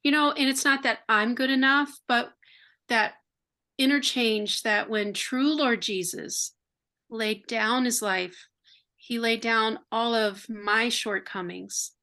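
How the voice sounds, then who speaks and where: An older American woman sharing her faith testimony as an interview guest, earnest and heartfelt, sometimes rushing through words. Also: fairly high pitch, fairly even intonation, pushed and bright. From United States. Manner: earnest and heartfelt, quick bursts.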